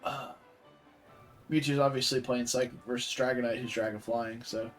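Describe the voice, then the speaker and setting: A Southern US man streams a game, offering casual, rambling commentary packed with fillers and self-corrections. His voice is medium-pitched and steady at a moderate pace, with faint music in the background.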